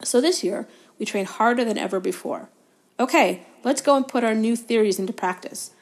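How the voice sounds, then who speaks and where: A woman reading aloud and voicing a driven teenage boy team captain who is quick to anger, talking forcefully and indignantly in a raised, higher voice. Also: slightly rough. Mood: stern.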